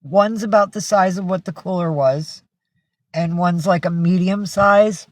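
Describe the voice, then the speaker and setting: A woman's voice: fairly low pitch, measured pace, no room sound. A middle-aged woman hosting a casual livestream, who chats, reads out viewer names and coos at her pets. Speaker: livestream host.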